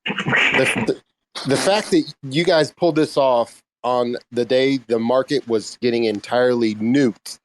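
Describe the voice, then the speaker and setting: A man in a casual group chat who speaks in a measured, serious way. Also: medium pitch, a little hiss or hum, rough recording.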